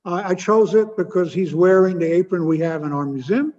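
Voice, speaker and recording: A man giving an informal history lecture, halting often with filler sounds and adding wry asides. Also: sits high, mellow. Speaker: guest speaker. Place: lecture hall. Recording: muffled with long hall echo.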